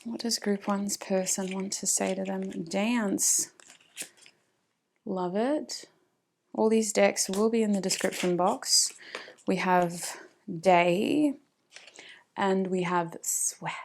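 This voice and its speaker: An Australian woman chats her way through a tarot reading, asking spirit questions and joking with viewers. Her voice has a gravelly fry, and a faint hiss sits under the recording. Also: mid-range voice, takes it slowly, a little mellow. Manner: chatty, talks to spirit and viewers, laughs often. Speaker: tarot reader.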